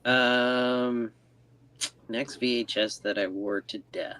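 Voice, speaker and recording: A man's voice: medium pitch, fairly even intonation, takes it slowly, bright, forceful tone, a little hiss or hum. A man co-hosting a podcast, talking hesitantly in casual chat with many ums.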